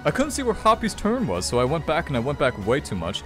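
A man's voice: fairly high pitch, huge pitch swings, fast, music in the background. A man giving frustrated, swearing commentary while playing a video game. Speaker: gaming channel host. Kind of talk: let's play commentary.

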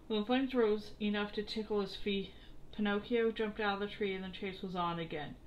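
A woman reads a children's story aloud in a steady, expressive narrating voice. Her pitch sits in a middle range. A faint hiss runs beneath the recording. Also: a little fast, lo-fi sound. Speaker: storybook reader.

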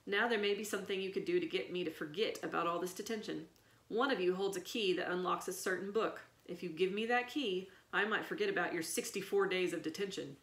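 A woman's voice: lowish voice, a little fast, a bit bright, roomy sound. A woman voicing a strict, mean school librarian who barks and mocks children. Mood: stern. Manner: barking, mocking, menacing.

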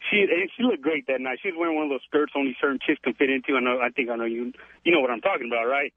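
A man's voice: medium pitch, racing, dry recording. A man calling in to a radio show over the phone, telling a story in a boastful, chatty way and calling the host dude. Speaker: caller. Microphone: telephone. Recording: tinny phone line.

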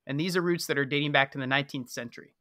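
A man's voice: a little high, rapid-fire, pushed and bright, no echo, clean studio sound. A man co-hosting a wine podcast, explaining things in a wry, casual way. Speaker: podcast co-host. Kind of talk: casual chat.

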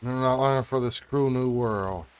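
A man's voice: medium pitch, moderate pace, smooth. A man giving casual commentary as he plays a video game, muttering and grumbling at what happens on screen. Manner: mutters and grumbles while playing. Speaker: let's play host.

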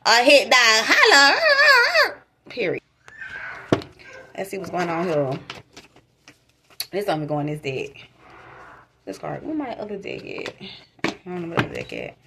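A woman's voice: fairly low pitch, huge pitch swings, normal speed, gravelly, long pauses, noisy background. Slangy woman giving a tarot reading. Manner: slangy, repetitive, talks straight to viewers. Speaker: tarot reader. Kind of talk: casual tarot reading to viewers.

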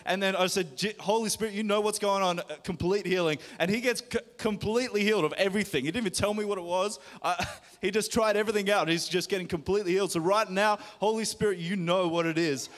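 A man's voice: high-pitched, quick pace, fairly bright tone. Chatty man telling a story in a church hall. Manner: chatty storyteller, laughing often, then commanding in prayer. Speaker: worship leader sharing a healing testimony. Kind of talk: live church testimony and healing prayer. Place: large church hall, live service. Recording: long hall reverb.

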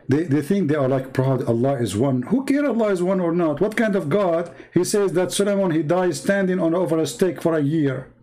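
Sarcastic Arabic-accented man, fairly high voice. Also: mellow. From Middle East. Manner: sarcastic and mocking, laughs at his opponent; broken English grammar. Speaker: host. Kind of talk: mocking live-stream rant.

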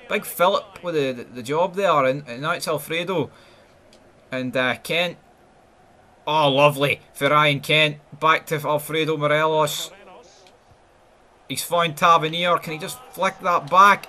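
A young Scottish man doing sweary, excitable mock football commentary over a video game, mumbling asides and yelling at chances. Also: on the high side, unhurried. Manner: excitable, sweary, jumps from mumbling asides to yelled goal calls. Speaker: gaming YouTuber.

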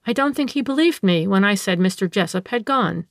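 A woman voicing a pert, sharp-tongued young woman in a storybook reading, with retorts that are acid and quick to answer back. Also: medium pitch, lively intonation, no echo, clean studio sound, lightly acted.

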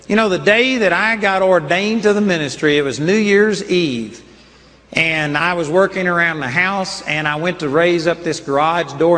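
Older male preacher, high and echoing. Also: fairly bright tone. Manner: earnest, emphatic storytelling. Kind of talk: sermon with personal stories. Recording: long hall reverb.

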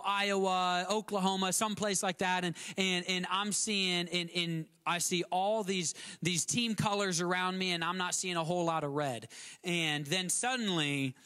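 A high-pitched man preaches a sermon. He talks in a loose, conversational way, stumbles and repeats words, and acts out little quotes in sudden new voices. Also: bright, forceful tone. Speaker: guest pastor.

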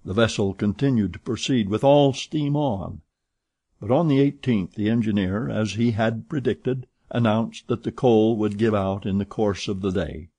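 Male audiobook narrator, low husky voice, steady measured read. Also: dry recording.

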